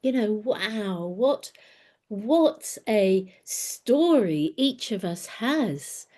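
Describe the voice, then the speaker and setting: A woman's voice: mid-range voice, expressive, very slow, mellow. A woman in her sixties giving an earnest, reflective talk on personal growth, often repeating words as she gathers her thoughts. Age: 60s.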